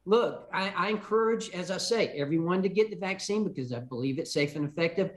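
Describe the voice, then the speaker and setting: An older congressman answers call-in questions with insistent emphasis. He often stumbles and repeats the first words of a sentence. His speaking voice sits a bit high for a man. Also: expressive, fairly quick.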